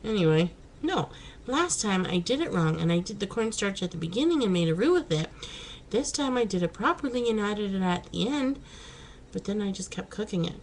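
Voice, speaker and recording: Lively chatty woman vlogging at home. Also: mid-range voice, fairly quick, a little hiss or hum, rough recording. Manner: chatty, laughing, exclaiming. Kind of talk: casual chat.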